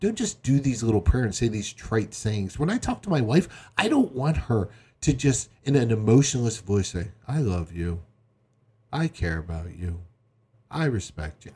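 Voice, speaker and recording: A man's voice: mid-range voice, a little mellow, breathy edge. A middle-aged man preaching a sermon as pastor, earnest and emphatic, acting out quotes along the way.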